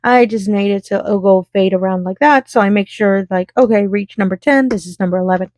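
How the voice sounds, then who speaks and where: A chatty woman talks her viewers through a craft project, giggling now and then as she sorts beads. Her voice sits in a middle pitch and is recorded close and dry, with no room sound around it. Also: a little fast, a little mellow, dry recording. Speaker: craft channel host. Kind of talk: casual crafting chat.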